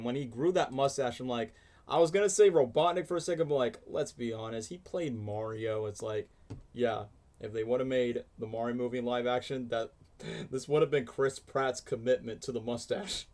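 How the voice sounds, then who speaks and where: A man's voice: medium pitch, normal speed, darkish tone. A man hosting a casual reaction livestream, rambling and chatty, saying "bro" and "like" a lot. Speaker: livestream host. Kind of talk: casual reaction stream chat.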